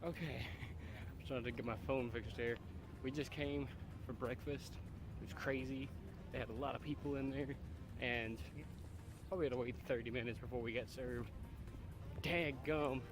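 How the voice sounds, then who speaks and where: A man hosting a casual vlog, talking in a relaxed, rambling way while walking outdoors. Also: mid-range voice, moderate pace, long pauses, music in the background. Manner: relaxed, rambling, laughs often. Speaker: vlog host.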